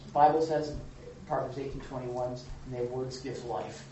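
A man leading a church Bible study, animated and joking, who acts out the quotes he reads. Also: mid-range voice, moderate pace, background noise. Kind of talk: church teaching with group discussion. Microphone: room mic from a distance. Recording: echoey hall, far from the mic.

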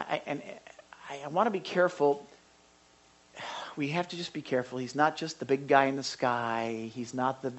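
A man, a pastor, giving a conversational sermon to a live congregation in an animated way, with big jumps in pitch and loudness. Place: church service before a live congregation.

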